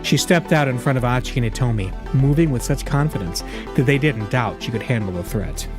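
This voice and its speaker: A man's voice: medium pitch, fairly quick, over music. A man hosting a let's play, reading a visual novel aloud with casual, jokey asides.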